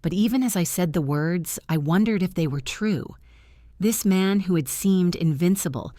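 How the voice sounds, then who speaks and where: A woman in her fifties narrates a first-person story in a measured, earnest way. Her voice sits somewhat low. The recording is dry, with no room sound. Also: mellow, no echo.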